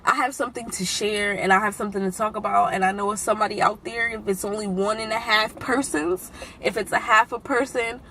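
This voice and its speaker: A woman's voice: medium pitch, fairly even intonation, brisk, pushed and bright. Woman, casual vlog talk, tearful, candid, swears a lot, faint background noise. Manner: candid, swears often, emotional. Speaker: vlogger.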